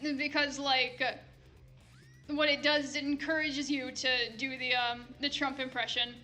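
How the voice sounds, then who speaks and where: A woman's voice: high voice, little pitch movement, normal speed, sharp tone, soft background music. A young woman doing a casual comedic fanfic reading. She rambles, swears and interrupts herself. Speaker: fanfic reader.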